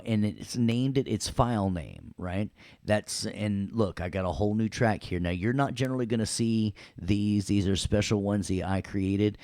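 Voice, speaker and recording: Gravelly, low, and darkish in tone, this Southern-accented instructor from Tennessee keeps his casual class light with jokes and sound effects. He's playful throughout, and the recording has no reverb.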